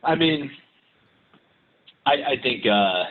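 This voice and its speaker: A man's voice: mid-range voice, animated, takes it slowly. A man talking as a podcast guest in loose, rambling casual chat, with many restarts. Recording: tinny remote line with hiss.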